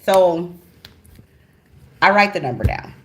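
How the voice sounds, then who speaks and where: A woman host telling a personal story to her viewers in a casual, animated and profane way, swinging between a hushed voice and a loud one. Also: on the low side, slow pace, a little hiss or hum. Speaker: tarot channel host.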